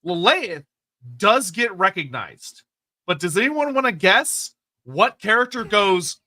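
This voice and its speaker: A man co-hosting a live lore stream, chatty and quick with asides. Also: sits high, sing-song, pushed and bright.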